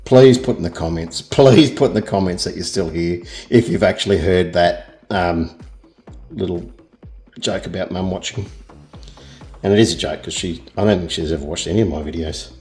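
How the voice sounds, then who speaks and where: A man's voice: low-pitched, normal speed, darkish tone, soft background music. Chatty Australian man painting in real time. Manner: rambling, self-deprecating, chatty. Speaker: art tutor.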